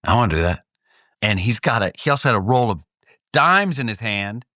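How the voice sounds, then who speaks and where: A middle-aged man from Texas tells a story on a podcast. His pitch swings widely as he acts out the people in it, and he laughs often. The recording is dry and close. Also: brisk, no echo. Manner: animated, acts out voices in anecdotes, laughs often. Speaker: podcast co-host. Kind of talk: casual storytelling. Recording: dry close studio mic.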